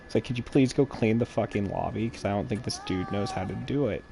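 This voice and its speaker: A man's voice: lowish voice, fairly quick, creaky, over music. A man streaming a game while chatting, telling a long, rambling, profane story in an exasperated, casual way.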